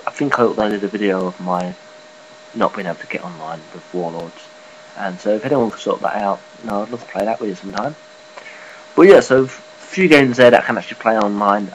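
A man giving a casual, rambling vlog update, swearing offhandedly and filling pauses. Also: lowish voice, a little hiss or hum, low-quality recording. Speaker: gaming and news vlogger.

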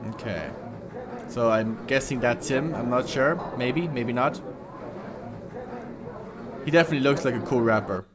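A man's voice: medium pitch, measured pace, pauses often, background noise. A man hosting a reaction video, chatting casually with lots of fillers and restarts. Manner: hesitant, many fillers and restarts.

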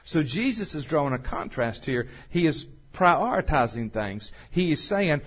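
Pastor guy preaching, folksy, gets loud and slow on the verses. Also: a little high, big pitch swings. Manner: folksy, swells louder and slower on scripture. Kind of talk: sermon.

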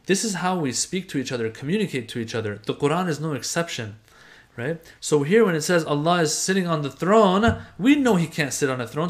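A middle-aged man teaching a religious class, explaining a text with lively emphasis, rhetorical questions and everyday examples. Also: on the high side. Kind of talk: explanatory lecture reading from a text.

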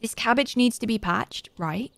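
Excitable British woman streaming a game. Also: a little high, moderate pace, gravelly, no room sound. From Britain. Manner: chatty, excitable, reads chat aloud. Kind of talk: casual gaming commentary.

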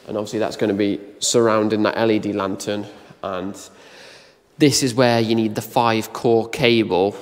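An electrician vlogging casually, a bit ill and tired, explaining his work and his own mistakes in a chatty, self-deprecating way. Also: on the low side. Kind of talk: casual vlog chat. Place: building site and van, handheld camera. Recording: long reverb in an empty room.

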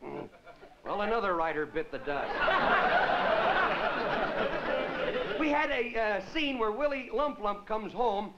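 A man's voice: high-pitched, sing-song, takes it slowly, pauses often, a loud crowd. A male comedian hosting a TV variety show, rambling goofily through a monologue and tripping over his words on purpose, on a dull, hissy 1950s broadcast. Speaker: comedian host.

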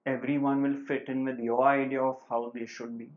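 A man giving a relaxed, conversational spiritual talk at home. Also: medium pitch, a little fast, muffled recording. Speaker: spiritual teacher. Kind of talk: informal talk on non-duality with a joke. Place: home living room.

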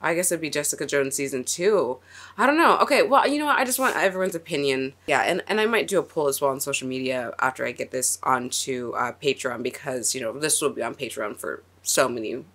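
A woman's voice: a bass voice, animated, brisk, fairly bright tone. A woman hosting a TV reaction video, talking in a rambling, emotional way, with frequent laughs and restarts. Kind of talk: casual TV reaction and review.

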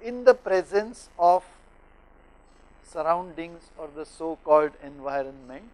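Man, middle-aged, from India, professor lecturing, slightly high pitch, unhurried with filler pauses. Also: animated, a little mellow, rough recording. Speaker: professor teaching thermodynamics. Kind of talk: lecture to teachers. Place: lecture studio.

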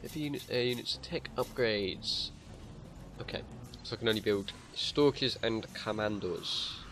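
Swearing gamer muttering over gameplay. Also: male voice, on the low side, measured pace, fairly bright tone, slight background noise. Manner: casual, swears freely, mutters to himself. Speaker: gaming channel host. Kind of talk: let's-play commentary.

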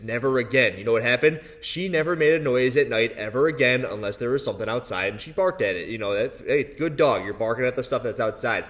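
A man's voice: medium pitch, a bit bright. A man hosting his own vlog, talking bluntly and aggressively and swearing freely. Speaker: vlogger. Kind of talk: casual vlog rant.

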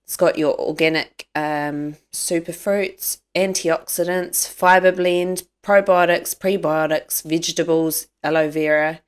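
A woman's voice: sits low, steady tone, takes it slowly, hardly any pauses, smooth. A young woman with a New Zealand accent chats on a casual nutrition podcast. She teases her co-host and laughs easily between her lines. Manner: teasing, laughs often. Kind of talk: casual chat.

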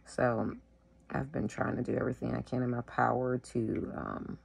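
A sick woman at home, wheezing and short of breath, talking casually to the camera in a tired, slow way. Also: rumbling low, flat delivery, gravelly, breathy edge. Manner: tired, slow, filler-heavy. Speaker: vlogger sharing her illness.

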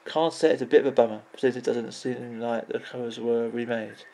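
A man's voice: mid-range voice, steady tone, a little fast, vocal fry, hardly any pauses, dark tone. A man casually commenting on game merchandise and images for his video, rambling, swearing casually and restarting his sentences. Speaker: gaming video creator.

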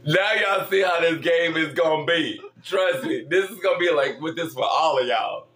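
A man's voice: on the high side, normal speed, fairly bright tone, reverberant. A sassy man hosting a party game, laughing constantly and swearing casually. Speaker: host. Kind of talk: playful party-game chat.

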